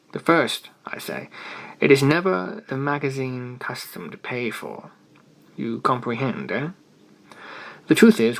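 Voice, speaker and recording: A bland, wheedling elderly editor, voiced by a man reading a story aloud. He coaxes in a bright, forward tone and lowers almost to a whisper on delicate points. He is evasive and never quite flustered. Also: creaky, heavily acted, poor audio.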